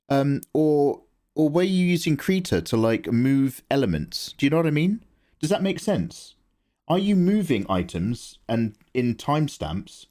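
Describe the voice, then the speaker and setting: Excitable, swearing man chatting on stream. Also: a little high, unhurried. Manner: excitable, swears freely, chats to viewers. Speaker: live-stream artist. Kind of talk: casual live-stream chat while drawing. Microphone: close microphone.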